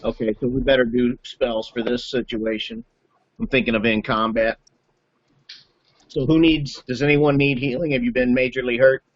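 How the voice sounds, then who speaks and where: A man's voice: mid-range voice, steady tone, normal speed, no echo, highs cut off. A man playing a tabletop game, thinking aloud methodically. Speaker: player. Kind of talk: casual game talk.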